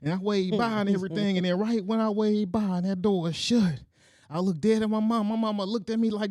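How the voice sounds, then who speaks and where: High-voiced man telling a wild story. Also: quick pace. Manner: animated, acts out quotes with sound effects. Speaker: podcast co-host telling a story. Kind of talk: casual storytelling.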